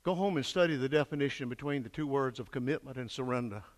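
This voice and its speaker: An older man preaching a fervent sermon, swinging from hushed lines to shouted peaks and calling for answers from the congregation. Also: mid-range voice, quick pace. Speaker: pastor. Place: church sanctuary. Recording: echoey church hall.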